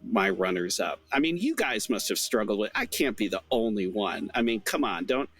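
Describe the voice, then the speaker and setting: Easygoing lower-voiced man chatting. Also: moderate pace. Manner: relaxed, easygoing, thinking aloud. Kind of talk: casual chat.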